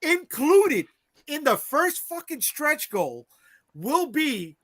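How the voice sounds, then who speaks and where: High, bright-voiced swearing man. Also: big pitch swings, slow pace, no echo. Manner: loud, swearing, laughing often. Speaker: comics publisher hosting a crowdfunding livestream. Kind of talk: casual profane banter.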